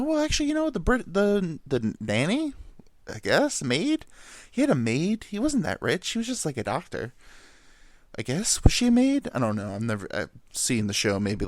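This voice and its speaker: A man's voice: lowish voice, no room sound, studio quality. A man in his thirties from New York, telling rambling, crude stories in a casual solo monologue. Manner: rambling, animated, crude humor, jumps into silly voices. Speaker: vlogger.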